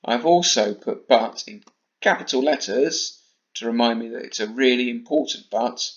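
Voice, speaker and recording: A man teaching a primary school lesson from home with an English accent, talking slowly and carefully with deliberate pauses. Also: medium pitch. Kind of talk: recorded home-learning lesson. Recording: slightly dull lo-fi recording.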